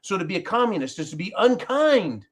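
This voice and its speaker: A man's voice: sits high, very animated, fairly quick. Fired-up man hosting a live stream. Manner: passionate, profane and emphatic; addresses viewers as folks. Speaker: live show host. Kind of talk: live-stream talk to viewers.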